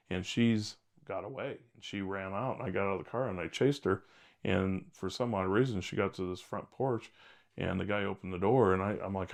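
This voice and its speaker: An older retired detective telling case stories in an interview, blunt and wry, rambling with many fillers. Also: male voice, sits low, fairly even intonation, normal speed, gravelly. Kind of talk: storytelling interview.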